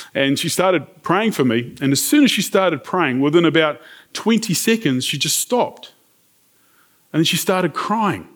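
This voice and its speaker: A middle-aged New man preaching in a voice pitched a little high for a man. He talks earnestly and conversationally, mixing scripture with a personal story and checking in with his listeners as he goes. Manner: conversational, earnest, asks the congregation questions. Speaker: pastor.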